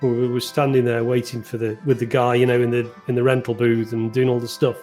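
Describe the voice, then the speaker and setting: A man's voice: medium pitch, little pitch movement, fast, warm tone. Man, English accent, middle-aged, chatty, self-deprecating, casual interview, faint background music. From England. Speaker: guest musician. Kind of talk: casual video-call chat.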